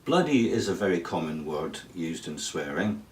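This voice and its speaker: A man's voice: deep voice, very animated, moderate pace, recorded from a distance, slight background noise. A man explaining mild swearing in a chatty, wry video lesson, with humorous asides. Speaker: English teacher. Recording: roomy, off-mic sound.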